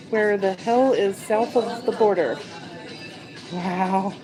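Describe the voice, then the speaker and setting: A woman's voice: mid-range voice, slow, rough recording. A woman hosting a casual livestream from a shop late at night. She chats and giggles, and greets viewers as she goes. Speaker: livestream host. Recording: clear music behind.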